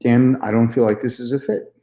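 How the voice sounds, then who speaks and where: A man's voice: medium pitch, level tone, brisk, dark tone. Man telling a story in an echoey room. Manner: candid, swears freely, repeats himself. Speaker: vlogger. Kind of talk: casual storytelling monologue.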